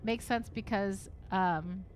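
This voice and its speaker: A woman's voice: medium pitch, slow pace, slight background noise. A young woman streaming a narrative game, reading its text aloud and reacting with frequent giggles.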